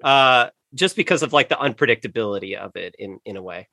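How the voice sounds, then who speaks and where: A man's voice: mid-range voice, lively intonation, fast talker, gravelly, bright, forceful tone, no room sound, clean studio sound. A man who is a podcast guest, chatting casually and rambling with lots of fillers and restarts.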